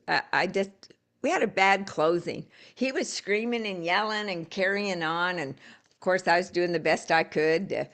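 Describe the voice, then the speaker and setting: A woman with a low, gravelly voice leads a live coaching call. She talks in a loose, storytelling way and often restarts her sentences. She sounds like she is speaking into a video call. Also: a bit bright. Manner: storytelling, encouraging, conversational with restarts.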